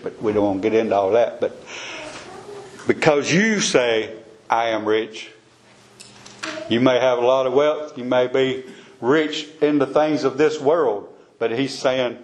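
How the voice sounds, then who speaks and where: Man, mid-pitched, plain folksy Bible-study teacher, talks loosely and repeats himself. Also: darkish tone, a little hiss or hum.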